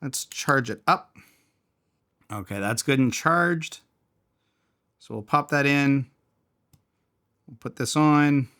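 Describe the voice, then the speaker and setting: A man's voice: mid-range voice, takes it slowly, pauses often, pushed and bright. A man casually reviewing and taking apart a small fidget toy, thinking aloud as he tinkers. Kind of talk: casual product teardown.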